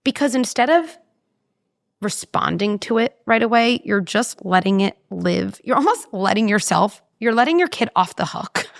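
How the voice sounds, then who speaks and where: Parenting expert lady talking, lots of pitch swings, dry close sound. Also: moderate pace, creaky, no echo. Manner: animated, explains with vivid examples and acted quotes. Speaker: parenting psychologist guest. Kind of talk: conversational interview.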